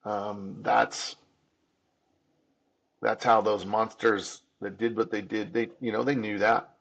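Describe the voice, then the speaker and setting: A man's voice: fairly low pitch, little pitch movement, takes it slowly, vocal fry, a bit bright, breathy edge, poor audio. A man in his fifties telling his own story as an interview guest, candid and earnest, often restarting and repeating words. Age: 50s. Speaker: podcast guest.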